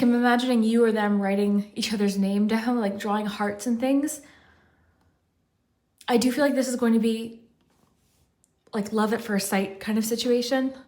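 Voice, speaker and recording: A woman's voice: a little high, darkish tone. A woman giving a casual pick-a-card tarot reading, out of breath and rambling with lots of fillers. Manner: chatty, rambling, many "like" fillers. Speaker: tarot reader.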